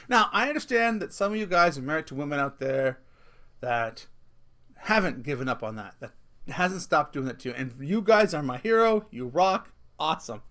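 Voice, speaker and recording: A man's voice: fairly high pitch, a bit bright. A middle-aged man vlogging a casual rant, telling a story with swearing and laughing at himself.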